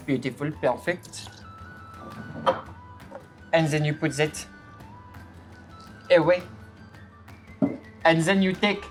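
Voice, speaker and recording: A woman voicing a small, scruffy French boy bartender in a mock French accent, with halting, chatty patter full of fillers, over clear background music. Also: low voice.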